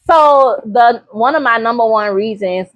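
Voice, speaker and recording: A woman's voice: on the high side, measured pace, highs cut off. A woman in her thirties, a podcast guest, talking candidly and laughing often. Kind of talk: casual chat.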